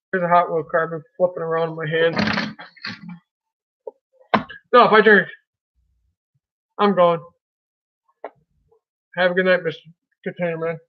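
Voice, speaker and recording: Man, high-pitched, chatty live streamer, muffled lo-fi sound. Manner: chatty, folksy, greets chat by name. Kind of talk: casual live stream chat with viewers.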